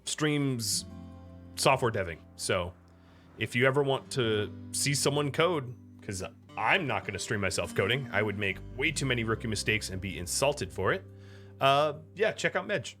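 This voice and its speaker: A man's voice: medium pitch, lively intonation, moderate pace, bright, forceful tone, soft background music. An American man from the United States giving casual, chatty commentary while streaming a game, talking to viewers between moves. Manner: chatty, talks to chat and to his pet between game moves.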